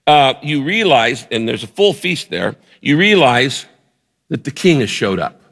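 A man's voice: a little high, a bit bright, long reverb tail. A male pastor preaching a sermon, painting a vivid story for the congregation and repeating words as he builds a point.

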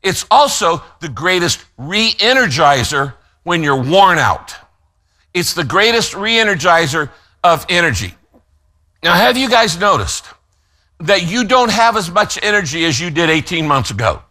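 Bright, high-voiced male pastor preaching. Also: very animated. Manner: emphatic, slows down to stress key phrases; gives note-taking instructions to listeners. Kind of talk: sermon.

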